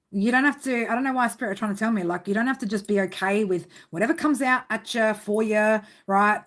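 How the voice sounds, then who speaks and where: A woman reading tarot on a live stream, chatting casually with viewers, rambling, swearing a lot and laughing often. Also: medium pitch. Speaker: tarot reader.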